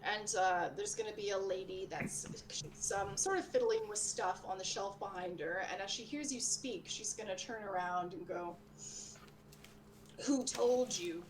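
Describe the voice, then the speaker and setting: A woman runs a tabletop game session, narrating scenes in a loose, relaxed way with lots of fillers. Her pitch sits in a middle range, and a faint hiss lies under her voice. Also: moderate pace, hardly any pauses. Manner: casual, filler-heavy, relaxed. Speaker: game master.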